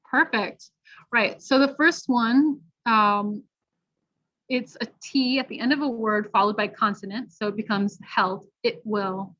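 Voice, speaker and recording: Slow careful lady teacher, kinda high voice, drilling pronunciation, muffled lo-fi audio. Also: sharp tone. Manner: slow, deliberate, models sounds carefully. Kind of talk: online pronunciation workshop. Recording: dull lo-fi audio.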